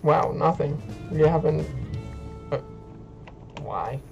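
A young man hosting casual gameplay chat, excitable and teasing. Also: fairly high pitch, takes it slowly, vocal fry, faint music behind. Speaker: gaming channel host.

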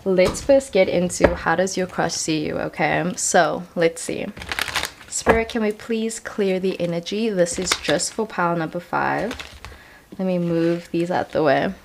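Young female tarot reader, slightly low pitch, casual, reassuring, rambling delivery. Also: fairly even intonation, a little slow, creaky, background noise. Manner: chatty, reassuring, lots of "you know" and "um". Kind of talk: casual pick-a-card tarot reading.

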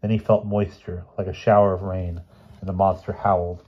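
Guy reading a book aloud, deep voice, bit raspy, muffled lo-fi audio. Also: moderate pace. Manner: steady storytelling with occasional slips and restarts. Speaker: audiobook reader. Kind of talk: audiobook narration.

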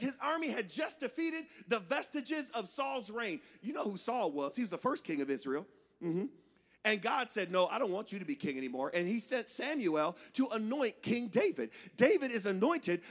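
A man preaching as a guest speaker, telling a lively story and swinging between loud shouts and hushed lines. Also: high-pitched. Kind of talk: sermon with storytelling.

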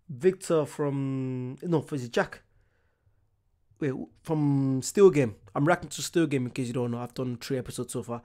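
A man's voice: mid-range voice, normal speed, darkish tone. A man chatting casually as he reacts to a comedy clip, apologetic and enthusiastic. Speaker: reaction video host.

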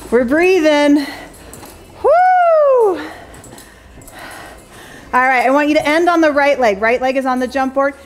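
A young adult woman with a high voice teaches a Pilates jump board class, counting reps and cheering at a brisk clip with hardly any pauses. She's slightly out of breath as she cues, and there's a faint hiss or hum in the recording.

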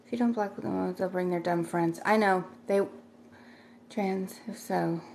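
A woman's voice: mid-range voice, steady tone, unhurried, gravelly, darkish tone, a little hiss or hum. A middle-aged woman chatting casually on a livestream, rambling and thanking viewers by name as she reads their comments.

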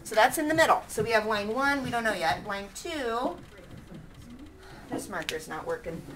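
Woman teacher leading a class, reads lines slowly to count syllables, light hiss behind. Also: on the high side, animated, a bit bright. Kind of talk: classroom lesson.

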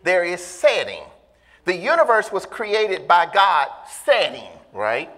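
High, lively man preaching a sermon. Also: slow. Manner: emphatic preaching, drawing in the congregation with questions. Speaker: pastor. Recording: long reverb of a church hall.

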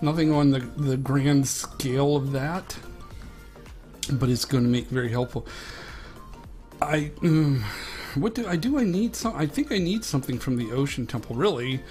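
This Minecraft let's-play host, whose accent is Western Pennsylvanian, talks in an animated mid-range voice with a darkish tone, moderate pace and long pauses. Soft background music accompanies his chatty, rambling gameplay commentary, in which he addresses the on-screen animals.

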